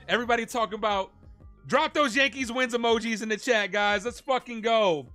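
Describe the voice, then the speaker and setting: Excitable guy doing live stream baseball calls, kinda high voice, reads out dono messages to chat. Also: a little fast, faint music behind. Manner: excitable, cheers and shouts at big plays; chats with viewers and reads donations. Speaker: fan streamer calling play-by-play. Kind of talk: live-stream play-by-play commentary.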